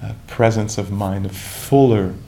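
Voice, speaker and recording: A man speaks as a meditation teacher, his voice gravelly and warm in tone. His talk is calm and reflective, full of pauses, restarts and gentle asides. A faint low rumble sits behind him. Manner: calm, reflective, searching with many restarts and "you know". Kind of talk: dharma talk.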